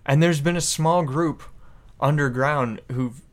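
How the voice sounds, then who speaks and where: A man's voice: a little high, unhurried, natural voice. A man voicing a weary barkeep in his forties who speaks in a grim, conspiratorial way. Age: 40s. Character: gruff 45-year-old male barkeep in occupied town.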